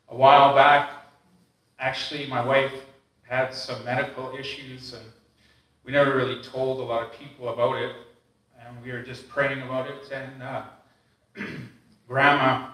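A man's voice: medium pitch, level tone, a bit bright. Male mourner, earnest tribute, far off in an echoey church. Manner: earnest, halting, clears throat. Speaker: mourner sharing a memory. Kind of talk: memorial tribute. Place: church hall. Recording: echoey church hall, distant mic.

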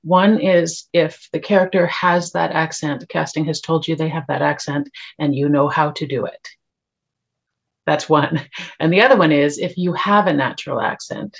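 Husky, gravelly woman on a dull line. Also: sits low. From Canada. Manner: measured, advice-giving. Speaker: actress, podcast guest. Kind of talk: casual interview conversation.

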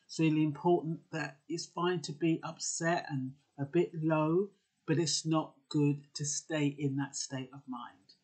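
A man talks through relationship advice in an earnest, conversational way, pausing on fillers and restarting his sentences. His voice sits a little high for a man and has a husky, breathy edge. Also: fairly even intonation, darkish tone. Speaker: advice vlogger. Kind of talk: casual advice talk.

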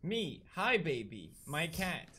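A man with a Swedish accent hosting a reaction video, joking around and bursting into loud excited yelps. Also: a little high, slow pace, noisy background. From Sweden. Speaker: host.

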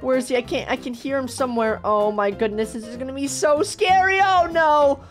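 A woman hosting a game video with excited, gasping commentary, easily startled and full of exclamations. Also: high-pitched, fairly quick, faint music behind. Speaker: gaming host.

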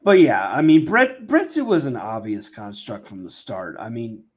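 A man co-hosting a podcast, giving quick, earnest political commentary in casual chat. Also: medium pitch, sing-song, husky. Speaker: podcast co-host.

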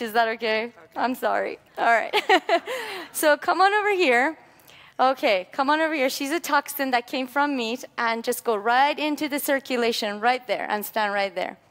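A woman giving a lively, playful classroom lecture, coaxing volunteers into a demonstration. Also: sits high. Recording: long hall reverb.

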